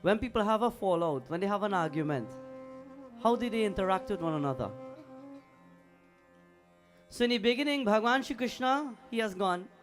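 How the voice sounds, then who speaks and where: High-voiced man preaching a story sermon. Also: animated, moderate pace, pauses often. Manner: folksy, conversational preaching with acted-out dialogue. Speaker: pundit. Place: temple. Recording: music in the background.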